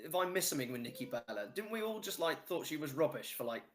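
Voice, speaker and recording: A man's voice: on the high side, big pitch swings, fast. A man from the Midlands, chatting about wrestling in a jokey, teasing way. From English Midlands. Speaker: guest panelist. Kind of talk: casual wrestling chat.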